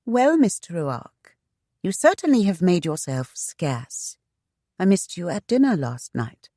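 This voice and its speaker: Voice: mid-range voice, sing-song, measured pace, mellow, dry recording, studio quality, pitched above the performer's own voice. A narrator voicing a determined young woman who questions a man with open suspicion. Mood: suspicious. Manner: pointed, probing.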